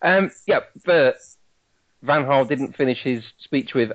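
Man, podcast co-host, casual chat, teasing, apologetic, mid pitch, dull lo-fi recording. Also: animated. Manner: chatty, teasing, quick to apologise.

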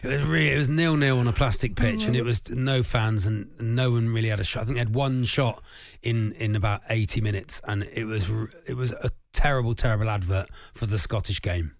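A man's voice: medium pitch, fairly quick, gravelly, hardly any pauses, no room sound. Teasing male radio co-host, dry sound. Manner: laughing, teasing banter. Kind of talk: bantering radio chat.

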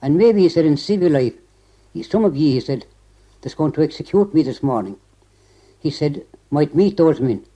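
An elderly Irish man tells a remembered story to an interviewer, his voice dark and mellow in tone. He rambles, restarts his phrases and strings everything together with "he said" after nearly every clause. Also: on the high side, expressive, normal speed, low-quality recording. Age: older. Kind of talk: oral history recollection.

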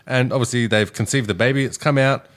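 A man telling a rambling, profane story on a casual podcast, doing animated quotes. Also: mid-range voice, quick pace. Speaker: podcast co-host.

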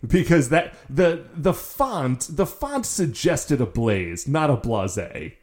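A man's voice: on the high side, slow. A man co-hosting a casual podcast, telling a story with a lot of stammering restarts. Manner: animated, stammering restarts when excited. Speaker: podcast co-host.

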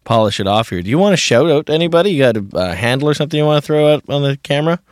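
A man's voice: a little high, lively intonation, racing, dry recording. A young man hosting a podcast in a small home studio, talking loosely with many fillers and frequent swearing. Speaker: podcast host. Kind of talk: casual chat.

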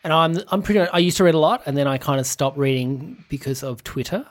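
A man's voice: on the high side, fast talker. A man, a comedian guest on a podcast, chatting and rambling about books. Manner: rambling, enthusiastic storyteller. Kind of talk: casual chat.

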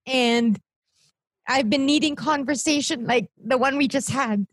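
A woman's voice: high voice, unhurried, breathy edge, dry recording. A Filipina woman with a Filipino accent co-hosting a casual chat over a video call, talking earnestly and emotionally, often laughing. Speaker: podcast co-host. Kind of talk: casual chat mixing English and Tagalog.

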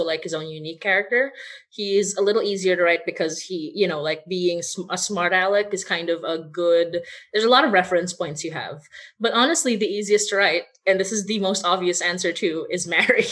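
A woman's voice: mid-range voice, bright, forceful tone. Woman writer-host, rambly, self-deprecating, casual video-call Q&A. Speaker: podcast creator, writer and voice actor. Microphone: video call mic.

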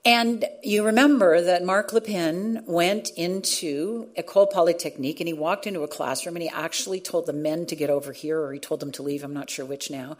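Middle-aged woman, radio journalist, earnest storytelling, slightly low pitch, frequent restarts. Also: steady tone, brisk, few pauses. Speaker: radio journalist and former show host. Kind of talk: reflective storytelling in a conversation.

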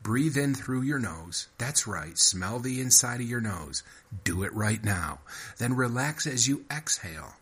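A man voicing a pushy woman who coaches in positive-thinking slogans, pitching his voice up and louder. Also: expressive, a little slow, breathy edge. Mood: coaching, insistent. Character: pushy upbeat woman full of self-help talk.

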